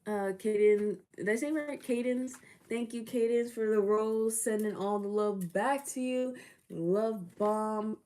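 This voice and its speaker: Slow, chatty woman livestream host. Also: mid-range voice, dark tone. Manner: chatty, laughs often, greets viewers by name. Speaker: livestream tarot reader and host. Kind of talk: casual livestream chat.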